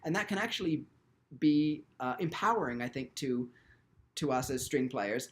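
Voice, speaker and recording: A man's voice: mid-range voice, animated, moderate pace. A man teaching violin in an instructional video, speaking thoughtfully and often restarting his sentences with ums.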